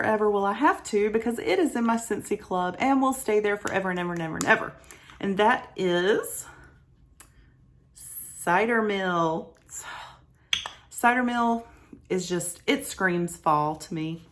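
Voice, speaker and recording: A woman casually reviewing home fragrance products, gushing and repeating words for emphasis as she reads out product descriptions. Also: mid-range voice.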